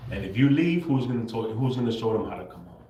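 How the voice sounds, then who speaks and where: Warm-toned and mid-range, this man talks fast with lively intonation as he addresses his livestream viewers in a casual monologue. He laughs a lot, curses casually, and keeps tacking on "bro" and "right?". There's a roomy echo on the recording.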